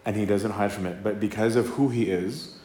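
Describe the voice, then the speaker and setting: A man's voice: on the low side, steady tone, fairly quick, warm tone, slight background noise. A man, a priest, giving an informal talk that is conversational, tagging "right?" onto his points and acting out the quotes. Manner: conversational, keeps asking "right?", acts out quotes. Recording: echoey room with faint ambience.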